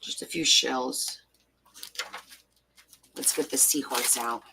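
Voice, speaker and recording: A woman's voice: rumbling low, steady tone, takes it slowly, gravelly, background noise. A woman chatting casually to her viewers as she works on a junk journal, gushing over stickers with a self-described valley-girl lilt. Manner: chatty, talks to herself while sorting stickers, gushing. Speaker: crafting vlogger. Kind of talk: casual chat while crafting.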